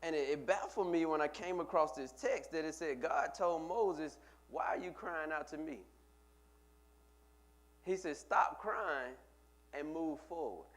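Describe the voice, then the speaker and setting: Male pastor, fairly high voice, emphatic sermon delivery with building repetition. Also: a little slow. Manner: preaching with rising emphatic repetition.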